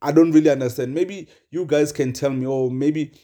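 A man's voice: a little high, moderate pace, mellow. A young man hosting a solo podcast, talking casually and rambling with many fillers and chuckles. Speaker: podcast host.

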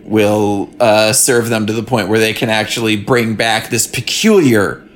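A man's voice: fairly low pitch, measured pace, a little hiss or hum. Swearing, ranting male podcast co-host. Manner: profane, exasperated rants. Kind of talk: casual chat. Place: home guest bedroom studio.

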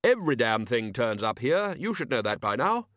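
A man voicing a blustering, overbearing male wizard who leads a university, in a booming, bellowing voice. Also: sing-song, normal speed, fairly bright tone, dry recording, studio quality.

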